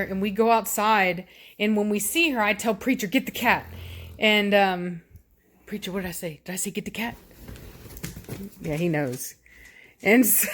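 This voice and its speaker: A woman, a dog breeder rambling through a casual story at home. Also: medium pitch. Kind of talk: casual vlog chat. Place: home indoors with puppies.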